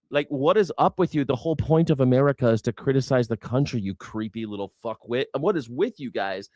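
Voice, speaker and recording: A man's voice: medium pitch, a little fast, hardly any pauses, darkish tone, dry recording. Man, young, news reaction host, sarcastic, profane, dry close mic. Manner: sarcastic, mocking, swearing.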